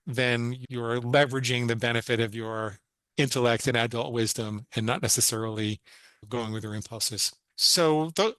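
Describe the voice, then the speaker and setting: A man's voice: mid-range voice, a bit bright, dry recording, low-quality recording. A man, a psychologist guest on a podcast interview, explaining techniques step by step in an earnest, instructive way.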